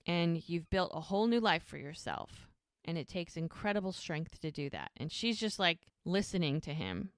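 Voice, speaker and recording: A woman's voice: fairly low pitch, normal speed, dry recording, studio quality. A woman co-hosting a podcast, casually retelling show scenes and acting out the characters' lines. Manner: retells scenes, quoting characters in animated voices. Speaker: podcast co-host. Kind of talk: casual recap chat.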